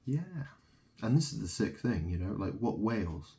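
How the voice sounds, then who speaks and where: A man's voice: on the low side, very animated, moderate pace, background noise. A man from England delivering a rambling solo monologue, ranting and mocking, swearing freely.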